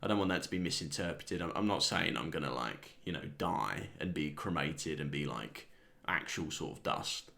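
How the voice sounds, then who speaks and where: A man's voice: very deep voice, expressive, moderate pace, vocal fry, bright, forceful tone. A man, a comedian, rambling through a sardonic, self-deprecating solo monologue and chuckling at his own jokes. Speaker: comedian host.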